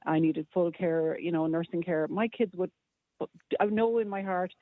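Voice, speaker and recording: A man's voice: sits high, normal speed, dry recording. Irish man on a tinny phone line. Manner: earnest, hesitant restarts. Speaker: radio guest. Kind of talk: casual radio chat.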